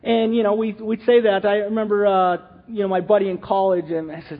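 A middle-aged man giving a rambling, animated church teaching, full of restarts and asides. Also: sits high, brisk, few pauses, phone-quality sound. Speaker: lay teacher.

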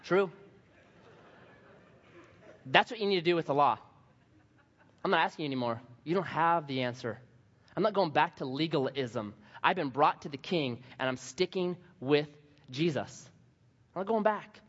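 Brief: male pastor, fairly high voice, animated storyteller, dull recording from a church hall with long reverb. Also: moderate pace, pauses often. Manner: animated, humorous storytelling with emphatic repetition. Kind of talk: sermon.

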